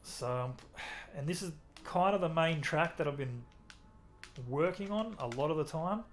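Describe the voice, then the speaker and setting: A young Australian man with an Australian accent, chatting casually with his stream chat while playing a racing game, relaxed and talkative. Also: fairly high pitch, normal speed, soft background music.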